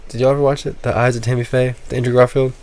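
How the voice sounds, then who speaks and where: A man's voice: medium pitch, little pitch movement, rapid-fire, darkish tone. A young man co-hosting a podcast in casual chat, telling a story and laughing often. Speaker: podcast co-host.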